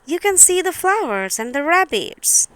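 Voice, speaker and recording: A woman voicing a friendly male bird in a children's storybook, bright and welcoming. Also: extremely high pitch, big pitch swings, a little slow, dry recording, voice pushed up, heavily acted. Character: friendly male bird who was rescued.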